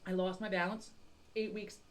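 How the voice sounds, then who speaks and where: A woman's voice: medium pitch, flat delivery, normal speed, background noise. A middle-aged woman on a podcast, telling a rambling, self-mocking story with constant swearing. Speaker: podcast co-host. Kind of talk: casual chat.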